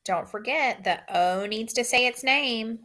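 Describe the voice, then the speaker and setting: A woman teacher giving a recorded phonics lesson, saying each word twice in slow, drawn-out dictation. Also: fairly high pitch, pushed and bright.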